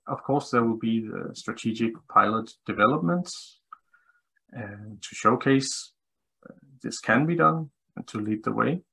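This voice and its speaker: Gravelly low-voiced man on a webinar. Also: bright, forceful tone, poor audio. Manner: thoughtful, many fillers and restarts. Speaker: engineering specialist guest. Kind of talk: webinar discussion.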